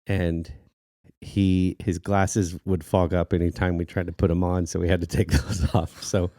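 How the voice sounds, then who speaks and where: Storytelling in a relaxed podcast chat, a deep-voiced male co-host acts out quotes, laughs a lot, and stays animated throughout. He keeps a moderate pace, and the clean studio sound has no echo.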